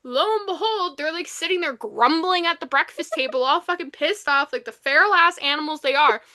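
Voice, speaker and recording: A woman's voice: high-pitched, brisk, sharp tone. A woman co-hosting a book podcast, casually rambling through a plot recap with lots of "like" and the odd swear word. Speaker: podcast co-host. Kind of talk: casual book review chat.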